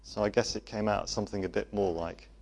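A man preaching a sermon to a congregation, gentle in manner, often dropping to a soft voice for emphasis. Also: on the low side, steady tone, a little fast, creaky. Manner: gentle, varies loudness for emphasis, drops to soft tones.

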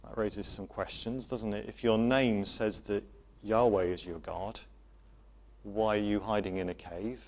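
A man preaching a sermon to a congregation, gentle in manner, often dropping to a soft voice for emphasis. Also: lowish voice, fairly even intonation, a little slow. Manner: gentle, varies loudness for emphasis, drops to soft tones.

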